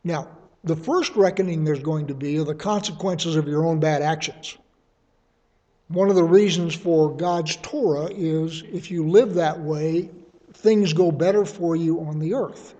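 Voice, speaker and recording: High-voiced man teaching scripture. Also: a little slow, mellow, muffled recording. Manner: conversational, explains with homely examples. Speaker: Bible teacher. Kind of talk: sermon.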